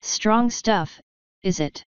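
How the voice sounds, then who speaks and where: A woman's voice: mid-range voice, drawn-out words, clean tone, no room sound, muffled recording, voice pushed up. A woman reading the part of a gloomy, grumbling male talking toad in a storybook. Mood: mournful. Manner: mournful, grumbling.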